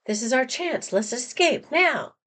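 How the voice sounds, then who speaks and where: A woman's voice: high-pitched, lively intonation, a little slow, fairly bright tone, voice pushed up, exaggerated voice. A woman reading a pleading captive spy woman. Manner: earnest, pleading. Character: female prisoner and secret spy, pleading and dazed. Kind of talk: read-aloud storybook voice.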